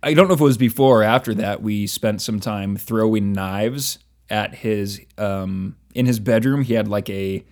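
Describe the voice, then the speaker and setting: A man co-hosting a casual chat, talking loosely with lots of filler words and quick laughs. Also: on the low side, a little mellow. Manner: laughs often, many fillers and restarts. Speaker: podcast co-host.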